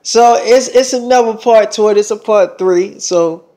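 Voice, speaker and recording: A man's voice: high-pitched, measured pace, mellow. A man casually telling a rambling, profane story to his viewers, acting out both sides of a conversation. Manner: profane, rambling, acts out dialogue.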